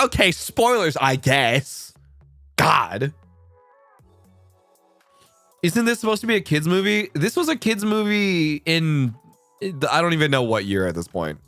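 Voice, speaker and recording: A man's voice: high voice, bright, forceful tone, dry recording. A young man streaming casual chat, rambling and swearing a lot, laughing often.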